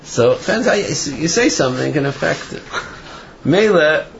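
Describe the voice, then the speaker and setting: A man's voice: fairly high pitch, expressive, moderate pace, vocal fry. A man teaching an informal Torah class, talking in a chatty storytelling way with fillers. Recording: dull lo-fi recording with faint noise.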